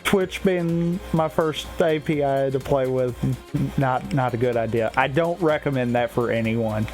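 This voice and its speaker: Male co-host, plain mid-pitch voice, candid and emphatic, light music underneath. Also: a little slow, darkish tone. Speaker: podcast co-host. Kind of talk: casual chat.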